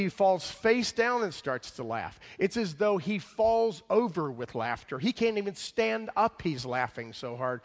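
A male pastor with a highish voice preaches a sermon emphatically, swinging from loud declarations to hushed asides, with long hall reverb on the recording.

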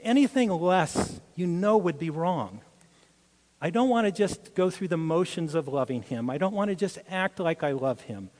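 An older man preaches in a long, echoing hall, his voice sitting a little high for a man. He tells personal stories earnestly, often restarting his phrases. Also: lively intonation, moderate pace, a little mellow. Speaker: pastor. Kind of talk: sermon.

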